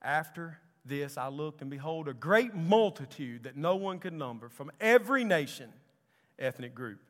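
Pastor guy preaching, kinda high smooth voice, gets loud and fired up on the big lines, long church echo. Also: animated, moderate pace. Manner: impassioned, swelling loud on exclamations. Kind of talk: sermon with scripture reading.

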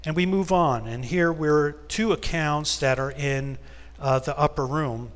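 A man's voice: a little high, a little slow. A man leading a Bible study, reading scripture aloud and explaining it with casual asides. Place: church. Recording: long reverb in a church hall.

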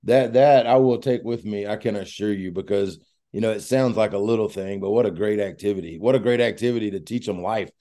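A man's voice: fairly low pitch, a little fast, warm tone. A man hosting a casual podcast interview, talking in an enthusiastic, rambling way. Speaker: podcast host and coach.

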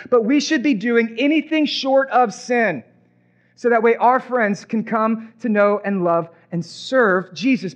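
A man preaching a sermon as pastor, animated and acting out imagined reactions. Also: very high-pitched, highs cut off.

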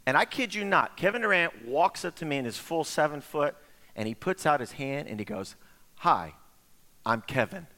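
A middle-aged male pastor preaching with a bright, ringing tone and a pitch that leaps around as he tells his stories. He acts out the voices of the people in them. The sound carries a long reverb, as in a large hall. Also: fairly quick. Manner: animated storytelling, acting out quoted voices. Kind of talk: sermon. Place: church sanctuary.

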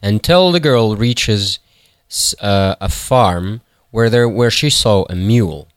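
A man retelling a folktale in a halting way, with fillers and self-corrections. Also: lowish voice, clear, resonant tone, dry recording. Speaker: storyteller.

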